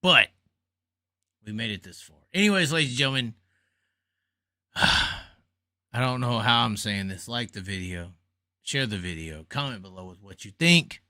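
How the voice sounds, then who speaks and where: A man's voice: medium pitch, lively intonation, measured pace, pauses often, pushed and bright, no echo, studio quality. A man hosting a casual livestream, rambling and profane, worn out after hours on air. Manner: rambling, profane, jokey sign-off. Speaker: livestream host. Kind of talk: casual late-night livestream chat.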